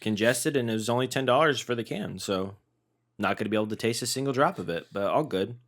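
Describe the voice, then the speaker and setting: A man's voice: mid-range voice, fast. A man co-hosting a snack review podcast, chatting casually and cracking playful jokes. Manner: jokey, playful, animated bits. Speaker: podcast co-host. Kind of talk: casual food review chat.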